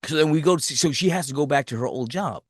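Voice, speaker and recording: A man hosting a podcast, giving a profane, animated movie review rant. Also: a little high, quick pace, slightly rough, no room sound, clean studio sound. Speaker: podcast host.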